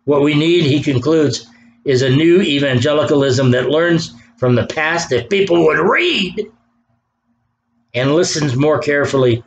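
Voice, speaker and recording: A man with a fairly high voice preaches with impassioned fervor, reading long scripture passages aloud and stressing them. A faint hiss of noise sits under the recording. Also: moderate pace, rough recording. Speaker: pastor. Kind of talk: sermon.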